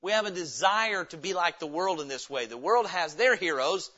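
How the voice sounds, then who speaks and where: A man preaching a sermon in a church, his voice bright and forceful and set a little high. He keeps asking the congregation questions and then answers them himself. The recording is dull and lo-fi. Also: lively intonation, moderate pace. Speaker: pastor. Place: church sanctuary.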